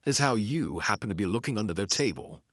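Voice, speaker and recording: A man's voice: on the low side, lively intonation, fast, a bit bright, dry recording, studio quality. A man voicing a wry, probing police lieutenant in a pulp detective audiobook. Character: dry, questioning male police lieutenant.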